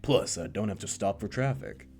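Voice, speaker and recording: Man doing deadpan teasing courier, deep voice, lively intonation. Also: normal speed, soft background music, lightly acted. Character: calm teasing young deliveryman. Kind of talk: visual novel voice reading.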